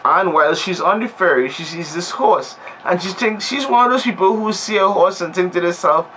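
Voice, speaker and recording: A man's voice: high voice, expressive, normal speed, few pauses, bright, forceful tone, slight background noise, low-quality recording. A man giving a comedic movie recap, rambling and sarcastic, often cutting himself off mid-sentence. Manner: rambling, sarcastic, self-interrupting. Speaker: movie reviewer.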